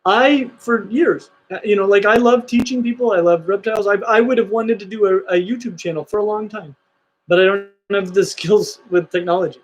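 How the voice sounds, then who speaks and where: High-voiced enthusiastic man hosting a livestream. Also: low-quality recording. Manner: enthusiastic, rambling with restarts. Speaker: host. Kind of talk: casual livestream chat.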